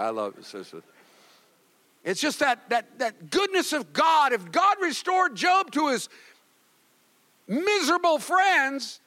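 A male pastor preaching a sermon, moving between loud exhortation and quiet, heavy passages. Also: very high voice, long reverb tail. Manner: swings from loud exhortation to hushed grief.

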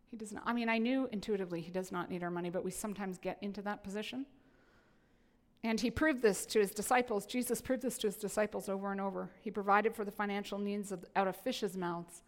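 A woman pastor preaching a sermon in an animated, playful way, often restarting her sentences. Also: mid-range voice, in a large hall.

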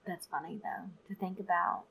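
Woman podcaster, bright clear tone, chatty storytelling, going off on little tangents. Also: lowish voice, fairly even intonation, moderate pace, low-quality recording. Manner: storytelling, reads from research with asides. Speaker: podcast co-host. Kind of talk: casual podcast chat.

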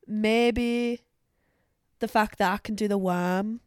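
Wobbly Scottish-ish accent, boastful and jokey, loud, clean dry mic; a young woman doing it. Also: medium pitch, steady tone, takes it slowly, clear, resonant tone, dry recording, lightly acted. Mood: cheeky. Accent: attempted Scottish, slipping to Northern English.

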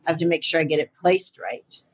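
Older woman, husky, chatty, laughing often, interview guest. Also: deep voice, quick pace. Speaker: voice actor guest. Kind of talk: casual interview chat.

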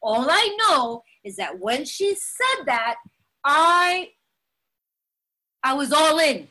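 Woman speaker, high bright voice, emphatic and dramatic, sharing her own story with frequent laughter. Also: sing-song, slow pace. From Latin American heritage. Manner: laughs often while talking. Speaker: recovery meeting speaker. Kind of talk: personal testimony talk.

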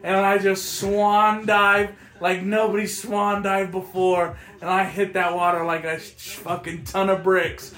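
A man's voice: sits high, unhurried, hardly any pauses, echoey room. A man telling stories in a casual chat, profane and laughing as he goes. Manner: profane, laughing, animated storytelling. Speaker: podcast host.

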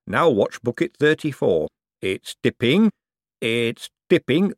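A man voicing an eager, fussy little male bank economist who talks slowly and earnestly. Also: mid-range voice, sing-song, no echo, studio quality, voice pushed up.

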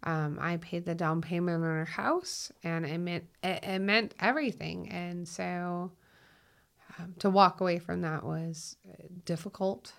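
A woman with a Minnesotan accent, a guest talking in a reflective, unhurried way and laughing easily. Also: fairly low pitch, steady tone, vocal fry, fairly bright tone. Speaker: guest, 911 call taker and dispatcher. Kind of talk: casual conversation.

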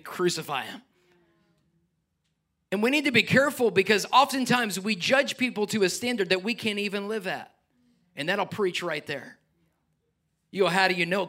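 High, bright-voiced animated preacher man. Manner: animated preaching, swings between loud exhortation and quiet asides. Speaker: pastor. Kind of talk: sermon.

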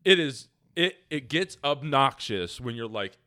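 A young man co-hosting a podcast in casual chat, loud and animated, swearing as he argues his point. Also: medium pitch, measured pace, dry recording. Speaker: podcast co-host.

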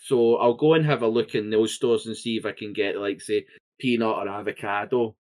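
A man with a Scottish accent, co-hosting a podcast in casual chat, animated and swearing freely. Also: lowish voice, fairly quick. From Scotland. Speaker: podcast co-host.

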